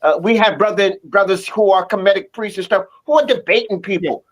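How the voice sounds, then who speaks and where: A man's voice: high voice, brisk. A man guesting on a talk show, a teacher who speaks emphatically and tells proverbs and folk tales in a casual, repetitive way. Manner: emphatic, proverb-telling, repeats himself. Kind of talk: casual storytelling chat.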